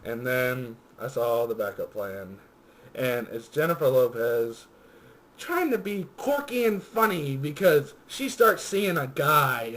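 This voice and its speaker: A young man with a slightly high-pitched voice rants about movies in a loose, crude chat with a friend. He swears freely, laughs often and gets animated when he is worked up. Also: rough recording. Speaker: co-host of a movie review show.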